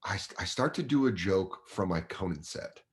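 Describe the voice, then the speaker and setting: A man with a low-pitched voice tells a casual story as a guest comedian, swearing freely. His delivery swings widely up and down in pitch as he acts out the other people in the story. He sounds like a man in his thirties. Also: expressive, normal speed.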